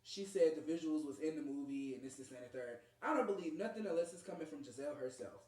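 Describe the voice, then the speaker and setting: A podcast host chatting casually, making emphatic, animated points. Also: medium pitch, quick pace. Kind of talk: casual chat. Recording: roomy echo.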